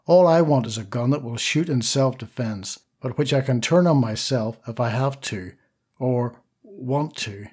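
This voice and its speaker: A man's voice: medium pitch, measured pace, a little mellow, slightly rough. A man reading the part of a desperate, dazed man buying a gun in an audiobook, strained and tense.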